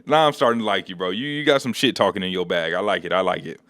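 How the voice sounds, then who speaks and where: A man voicing a gruff, battle-hungry male beast warrior who talks in blunt, slangy trash talk. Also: sits low, quick pace, a bit bright, voice pushed down. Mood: amused.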